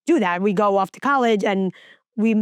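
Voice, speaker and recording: A woman's voice: medium pitch, normal speed, clear, resonant tone, no room sound. Woman, podcast host, middle-aged, emphatic, opinionated, dry close sound. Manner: emphatic and opinionated, building a point step by step. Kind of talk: casual podcast chat.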